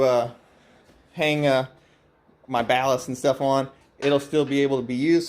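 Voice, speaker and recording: Swearing, laughing man vlogging casually. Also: mid-range voice. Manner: swears freely, laughs often, rambling. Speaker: grow channel host. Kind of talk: casual vlog narration. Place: indoor grow room with concrete walls.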